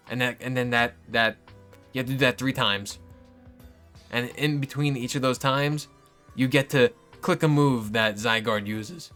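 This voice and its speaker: A young man in casual, rambling game commentary, swearing often and turning loud and exasperated as he vents. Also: medium pitch, unhurried, faint music behind. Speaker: video game reviewer.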